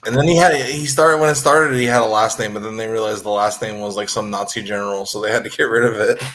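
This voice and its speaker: A man co-hosting a podcast, chatting about wrestling in a relaxed, hedging way with lots of fillers. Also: fairly low pitch, fast talker. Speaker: podcast co-host. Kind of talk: casual wrestling chat.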